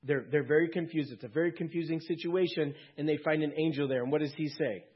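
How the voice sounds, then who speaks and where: Earnest husky male pastor preaching. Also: on the high side, fairly even intonation, fast talker. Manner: earnest, swelling then hushed. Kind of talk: sermon. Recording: dull lo-fi recording.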